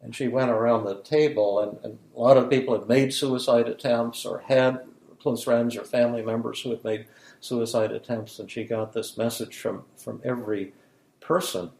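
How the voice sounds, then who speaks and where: A man, a psychiatrist and podcast host, tells a story in casual conversation, earnest and halting, often repeating words as he goes. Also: medium pitch, fairly even intonation, gravelly, a little mellow, reverberant, low-quality recording.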